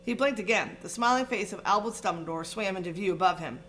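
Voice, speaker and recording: A woman narrating a fantasy novel aloud in an expressive, dramatic reading style. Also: medium pitch, fast talker, a little hiss or hum. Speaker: audiobook reader. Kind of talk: storybook reading.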